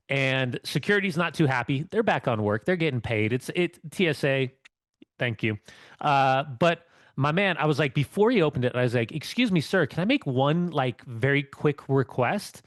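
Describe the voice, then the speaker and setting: A man's voice: medium pitch, no room sound. Rambling man telling a story, dry sound. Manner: rambling storyteller with many restarts. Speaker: co-host. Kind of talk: casual podcast chat.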